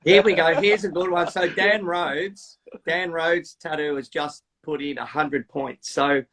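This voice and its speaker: A man, a podcast host telling tattoo-shop anecdotes in a chatty, animated way. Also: a little high, measured pace. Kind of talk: casual storytelling.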